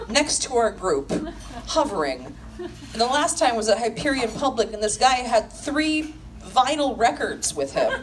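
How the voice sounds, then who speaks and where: Animated woman telling a story on stage. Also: fairly high pitch. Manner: animated, profane, laughing storyteller. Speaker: comedian. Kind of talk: live stand-up storytelling. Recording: live show with loud audience laughter. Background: audience laughing.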